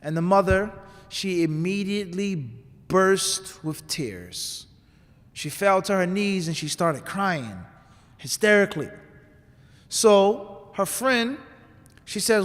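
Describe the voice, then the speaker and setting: A man's voice: high voice, lively intonation, slow pace, long pauses, fairly bright tone, long reverb tail. A man giving a sermon, telling a story in a conversational way and tossing rhetorical questions to the audience. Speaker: imam giving a talk. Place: mosque hall.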